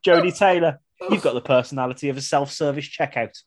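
A man's voice: a little high, quick pace. A man hosting a casual podcast, reading out listener submissions and laughing often. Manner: lively, laughs often while reading out lines. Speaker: podcast host.

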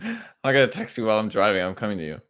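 A man co-hosting a podcast in casual chat, easygoing and halting, restarting his sentences. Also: on the low side, sing-song, a bit bright, clear, resonant tone. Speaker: podcast co-host.

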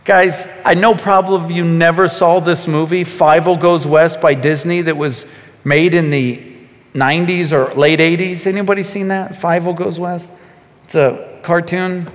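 Pastor, male, high voice, earnest and halting, echoing church hall. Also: steady tone. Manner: earnest, stammering restarts, acts out quotes. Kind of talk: sermon. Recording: long hall reverb.

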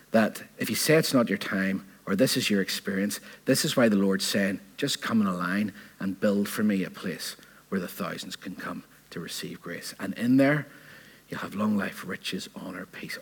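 Male preacher, husky voice, earnest and conversational, keeps asking the congregation questions. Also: sits low, moderate pace. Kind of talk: sermon.

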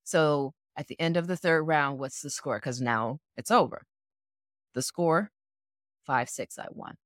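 A woman with a notably low voice explains how she trains athletes' minds. She is animated and plays out each scenario step by step. The sound is dry and close. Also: unhurried, no echo. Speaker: mental performance coach. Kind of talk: explanatory interview answers.

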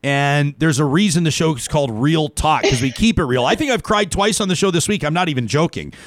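A man hosting a talk show, telling a story in a reflective, animated way. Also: fairly high pitch, brisk, dry recording, studio quality. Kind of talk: casual talk show conversation.

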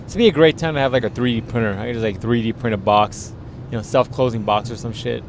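A man in his thirties hosting a podcast, telling crude stories in a loud, profane, animated way. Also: medium pitch, fast talker, background noise. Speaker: podcast host. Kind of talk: crude casual banter.

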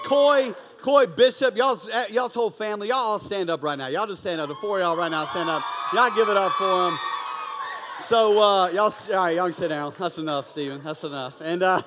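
A young man giving an energetic, conversational youth sermon and often asking "you know what I'm saying". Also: fairly high pitch, background noise. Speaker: youth pastor. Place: large church auditorium. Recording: long hall reverb.

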